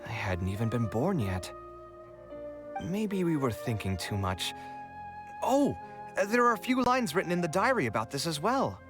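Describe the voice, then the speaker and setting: Curious young man, soft voice, swinging pitch, game music clear underneath. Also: sing-song, moderate pace, pauses often. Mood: wondering. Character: young male architect reading his mother's diary.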